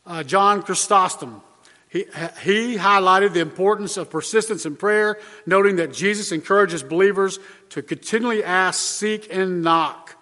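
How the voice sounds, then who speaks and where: Earnest high-voiced male preacher in a reverberant hall. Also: pushed and bright. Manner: earnest, measured preaching with repeated emphasis. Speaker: pastor. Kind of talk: sermon.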